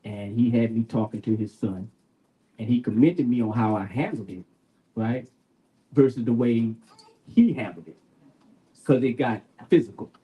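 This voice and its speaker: A man's voice: mid-range voice, normal speed, pauses often, phone-quality sound. An older man on a community panel, talking in a folksy, preacher-like way and often checking in with "right?". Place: bookshop event room.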